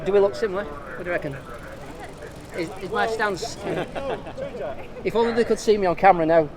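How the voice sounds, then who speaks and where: A man's voice: high-pitched, brisk. A man vlogging a protest on a handheld camera, chatting and joking with passers-by in the street. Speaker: street video blogger filming a protest. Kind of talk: casual chat to camera and to passers-by. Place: busy city street outdoors. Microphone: handheld camera mic. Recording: noisy outdoor crowd recording. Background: crowd and traffic.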